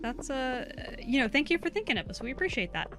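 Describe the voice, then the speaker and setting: A woman's voice: high voice, sing-song, quick pace, music in the background. A woman from the southern United States with a Southern US accent, co-hosting a game livestream in chatty, rambling casual talk and reading chat aloud.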